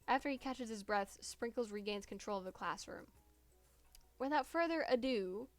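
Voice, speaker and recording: A woman's voice: mid-range voice, dry recording. A woman streamer reading a dating-sim game's text aloud and breaking off into giggling asides.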